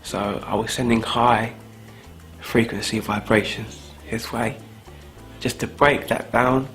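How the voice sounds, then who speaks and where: A man's voice: mid-range voice, fairly even intonation, slow pace, a bit bright, soft background music. A man playing a smug new-age contestant who talks about energy, airy and dismissive. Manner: airy, dismissive, self-assured. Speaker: contestant in a mock dinner-party show. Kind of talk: improvised mockumentary acting.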